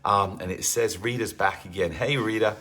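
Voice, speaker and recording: A man's voice: on the low side, normal speed, a bit bright. A man leading a livestream fitness class, chatting casually with viewers and greeting them by name, with lots of fillers. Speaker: fitness instructor.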